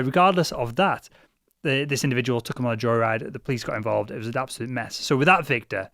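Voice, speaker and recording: A man's voice: medium pitch, a bit bright, dry recording, clean studio sound. A young man hosting a podcast, chatting casually with lots of restarts and fillers. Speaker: podcast host. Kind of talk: casual chat.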